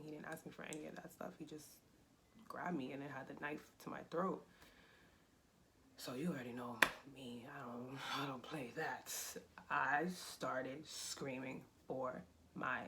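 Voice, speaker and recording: A young adult woman, telling a personal story in a casual, animated vlog style with lots of fillers. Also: deep voice, gravelly, a little hiss or hum. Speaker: vlogger.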